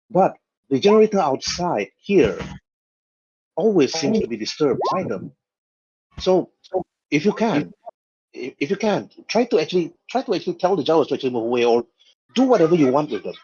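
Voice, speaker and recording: A man's voice: on the high side, big pitch swings, fairly quick, darkish tone, husky, muffled recording, pitched above the performer's own voice. A man voicing a polite, worried woman who runs a generator and fusses over her words. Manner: fussy, repeats "actually".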